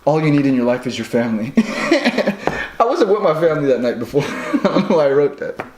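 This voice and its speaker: In a casual podcast chat, a young co-host rattles through a meandering drunk story, cursing and laughing a lot. He talks a little fast in a fairly high, very animated voice, and the room is echoey and noisy.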